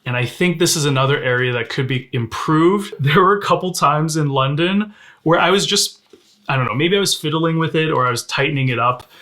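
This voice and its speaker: Guy doing a casual bag review, bright tone, chatty and honest. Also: on the high side. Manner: conversational, candid, demonstrating gear on camera. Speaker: gear reviewer.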